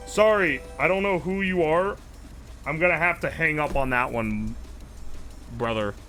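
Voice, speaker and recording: A young man live-streaming, chatting casually and thinking aloud while he tinkers, excitable and swearing a lot. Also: a little high, a little slow, soft background music.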